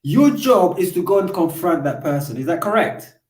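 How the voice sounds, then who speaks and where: Male host, high voice, lecturing chat manner, echoey room. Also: big pitch swings, moderate pace, darkish tone. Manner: lecturing, acts out quoted exchanges. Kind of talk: casual live chat. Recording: roomy echo.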